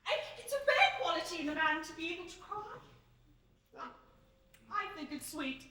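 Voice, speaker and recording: A woman's voice: very high-pitched, lively intonation, normal speed, bright, forceful tone, exaggerated voice. A woman acting a fluttery, giggling lady in a community stage play, heard from far off in a roomy theatre. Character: giggly flirtatious English sisters, middle-aged women.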